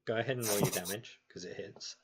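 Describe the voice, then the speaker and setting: A man's voice: fairly low pitch, fast talker, slight background noise. A man running a tabletop game, narrating in a loose way with plenty of fillers. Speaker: game master.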